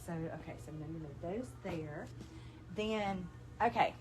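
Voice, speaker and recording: A woman's voice: fairly low pitch, measured pace, a little mellow. Chatty Southern woman selling from her shop. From South Alabama. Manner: chatty, laughs often, folksy asides to viewers. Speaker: store owner presenting products. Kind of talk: casual live-stream sales chat.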